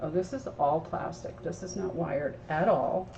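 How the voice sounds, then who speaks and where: This craft show host speaks in a low-pitched voice with vocal fry, a little slowly, far from the mic, and the audio sounds dull with faint noise. She chats to viewers and instructs them as she works at her table during a live crafting tutorial.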